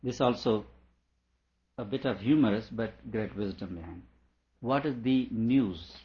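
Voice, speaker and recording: A man with a low voice reads a philosophical passage aloud and then unpacks it, chuckling now and then. The recording sounds dull and muffled. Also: measured pace. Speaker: teacher. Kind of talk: reading and explaining a philosophical text.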